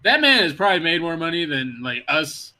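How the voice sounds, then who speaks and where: A man co-hosting a casual podcast, excitable and jokey, swearing a lot. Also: fairly high pitch, fairly quick, crowd noise. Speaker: podcast co-host. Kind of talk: casual chat.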